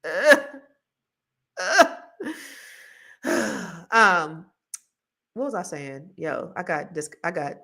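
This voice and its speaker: Woman podcast host, middle-aged, chatty and off-the-cuff, lower voice. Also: animated, takes it slowly, long pauses, pushed and bright. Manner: chatty, rambling, laughs a lot, slangy. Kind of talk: casual chat with viewers.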